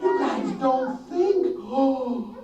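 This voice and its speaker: High-voiced woman performing for kids in a hall. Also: drawn-out words, lo-fi sound. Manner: animated, exaggerated gasps and surprise for children. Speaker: school assembly performer with puppets. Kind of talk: children's show with audience call-and-response. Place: school assembly hall. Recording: roomy hall audio from far off, with children's crowd noise. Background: crowd of children.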